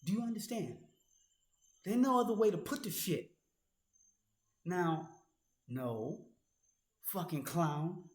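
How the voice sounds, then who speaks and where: A man's voice: sits high, lively intonation, slow pace, long pauses. Angry, profane man ranting in an echoey room. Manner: angry, profane, confrontational, addressing a critic directly. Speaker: online commentator. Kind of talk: heated monologue rant. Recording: roomy echo.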